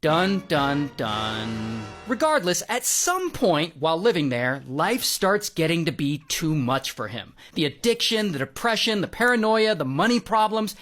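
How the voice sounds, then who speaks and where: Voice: mid-range voice, fairly bright tone, a little hiss or hum. A storyteller telling a true-crime story in a casual, dramatic way, throwing in spoken sound effects like blam and pow and talking straight to the viewer. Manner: playful slang, talks straight to the viewer.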